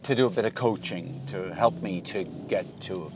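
A man's voice: sits low, moderate pace, background noise. A middle-aged man, host of a podcast, chatting casually in a voice message and rambling with many fillers.

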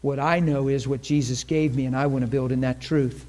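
A man teaching a class on faith healing in a lively, conversational way, often acting out what people say and pray. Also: medium pitch, fairly quick. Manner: animated, acts out quoted prayers and voices. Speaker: ministry teacher.

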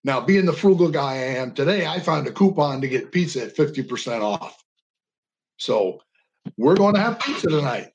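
This older man, a veteran advocate, is a guest on a radio interview by call-in line, animatedly and earnestly telling stories and emphasizing through inflection. His voice runs high, his pace is normal, and the recording is muffled.

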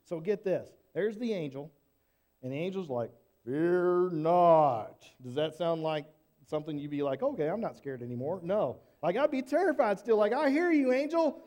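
A man telling a Bible story to children in church, casual and animated, often asking questions. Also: a little high, brisk.

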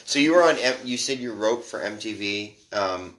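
Male interviewer, lower voice, lively pitch, halting and encouraging. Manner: halting, restarts, supportive. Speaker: podcast host. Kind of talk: casual interview chat.

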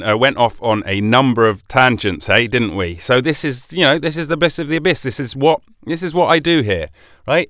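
A man's voice: mid-range voice, a bit bright, no echo. Chatty British man, dry close mic. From Britain. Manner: chatty and opinionated, rhetorical questions. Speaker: podcast host. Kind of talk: solo podcast monologue.

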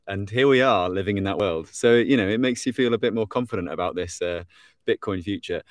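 A man's voice: lowish voice, brisk, no echo. A British man, a journalist guest on a podcast, chatting politely and poking fun at himself. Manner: polite, self-deprecating. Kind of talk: casual chat.

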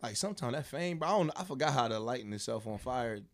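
A man's voice: medium pitch, animated, quick pace. Laid-back man telling a story. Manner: loose, drawling storyteller, lots of fillers, acts out quotes. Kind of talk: casual storytelling chat.

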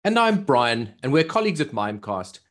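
A man's voice: medium pitch, very animated, brisk, a bit bright. South African man co-hosting a podcast. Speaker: podcast co-host. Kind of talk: podcast hosting, light banter.

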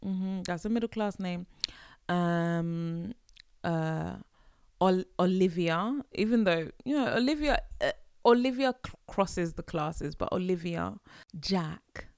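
A woman's voice: lowish voice, measured pace, a little mellow, smooth, no echo, studio quality. A woman hosting a solo podcast, chatting candidly and rambling through asides. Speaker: podcast host. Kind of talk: casual solo podcast chat.

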